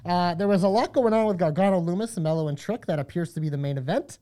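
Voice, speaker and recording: A man's voice: high-pitched, dark tone. A man co-hosting a casual wrestling podcast, reading out plugs and giving his takes with energy. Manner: upbeat, reads plugs quickly. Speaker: podcast co-host.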